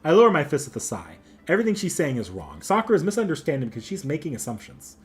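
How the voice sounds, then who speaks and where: A man's voice: fairly high pitch, wildly swooping pitch, fast, slightly rough, soft background music, heavily acted. Man reading a resolute game hero. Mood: determined. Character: resolute young game protagonist.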